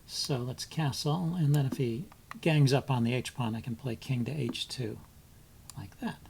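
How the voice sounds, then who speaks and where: A man commentates his own blitz chess game on his channel, his voice gravelly with a rough, creaky edge. He thinks aloud hesitantly, full of ums, and drops to a mutter as he weighs each move. A faint noise sits under the recording. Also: mid-range voice, moderate pace, darkish tone.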